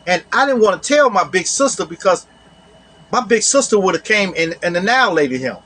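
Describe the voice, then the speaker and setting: A man with a high voice tells a personal story in a casual, conversational way. He circles back over his own phrases, repeats them, and keeps dropping in "you know.". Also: expressive, moderate pace, sharp tone, slight background noise.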